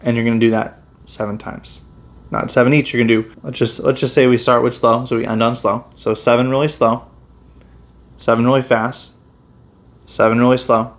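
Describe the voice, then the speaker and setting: A man, a chiropractor, explaining meditation and breathing techniques in a relaxed, casual way, with many fillers and restarts. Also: mid-range voice, normal speed. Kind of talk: casual health instruction.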